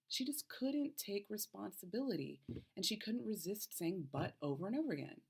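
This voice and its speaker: A woman's voice: mid-range voice, sing-song, moderate pace, creaky, slightly rough. A woman health coach in her thirties, explaining advice to camera and checking in with the viewer with a frequent "okay?".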